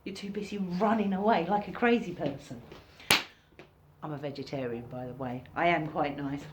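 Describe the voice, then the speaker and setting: Chatty woman teaching, low-pitched voice. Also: normal speed, very noisy. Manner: chatty, acts out reactions in sudden high bursts. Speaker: workshop teacher. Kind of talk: informal recorded lesson.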